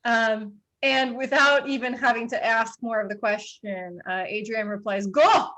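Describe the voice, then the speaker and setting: A woman runs a tabletop game as dungeon master. Her voice sits a little high, and she rambles through her narration with many fillers and frequent giggles. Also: steady tone, normal speed, sharp tone, muffled recording.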